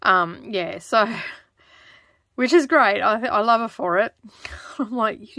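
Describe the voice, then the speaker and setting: An Australian woman chatting casually as she stitches, rambling and laughing often, keeping her voice lowered toward a close microphone in her home craft studio. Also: expressive, takes it slowly, fairly bright tone, no room sound. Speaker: craft vlogger. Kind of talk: casual chat while stitching. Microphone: close microphone in front of her.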